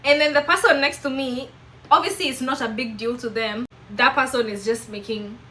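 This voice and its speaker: A woman's voice: high voice, moderate pace, sharp tone, a little hiss or hum, low-quality recording. A young woman with a Kenyan accent talking earnestly to camera in a reflective personal vlog, asking herself question after question. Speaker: vlogger.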